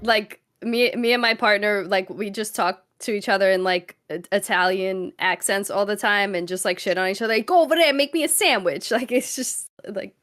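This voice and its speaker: A woman from New York co-hosting a gaming podcast in casual chat, blunt and quick to laugh, swearing casually. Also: mid-range voice, fairly even intonation, a bit bright. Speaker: podcast co-host.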